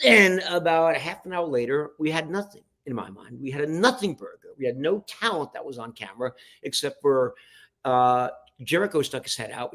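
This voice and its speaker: A middle-aged man telling backstage stories in a casual interview, animated and acting out what others said, swearing when heated. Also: mid-range voice. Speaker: podcast guest.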